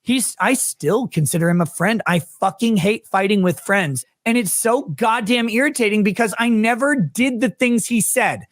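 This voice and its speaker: A man in a heated argument on a livestream, swearing a lot and firing off rhetorical questions in a fast, angry rush. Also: sits high, dry recording, studio quality.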